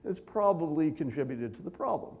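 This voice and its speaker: A man giving a conference keynote speech, conversational with dry self-deprecating humor, deliberately speaking at a raised pitch. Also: lively intonation, darkish tone. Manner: loose, unhurried delivery with many fillers and asides.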